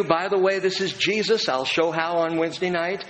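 A man's voice: on the high side, measured pace, hardly any pauses, fairly bright tone. A pastor giving a conversational, humorous sermon to his congregation, acting out quotes. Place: church sanctuary. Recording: long hall reverb, faint room noise.

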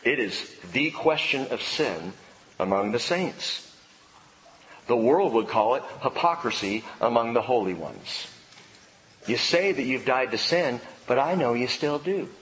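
A man preaching a sermon as a pastor, playful and animated, with sudden emphatic outbursts. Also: medium pitch, unhurried, slight background noise. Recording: reverberant hall with faint ambience.

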